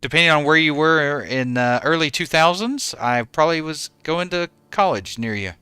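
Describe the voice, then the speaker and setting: A man's voice: fairly high pitch, expressive, normal speed, sharp tone, smooth, no echo. A man in his forties, a game streamer chatting casually with his viewers and answering them by name.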